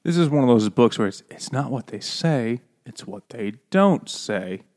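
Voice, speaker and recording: A man's voice: mid-range voice, expressive, normal speed, darkish tone. A man chatting casually in a book club, joking, swearing and laughing often. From raised Catholic. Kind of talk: casual chat.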